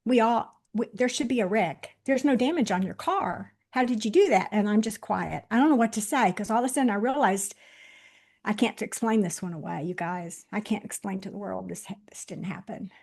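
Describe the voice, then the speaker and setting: A woman in her sixties, a guest on the show, telling a personal story straight to viewers, swinging between loud bursts and hushed moments. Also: medium pitch, brisk, vocal fry, husky. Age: 60s. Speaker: interview guest.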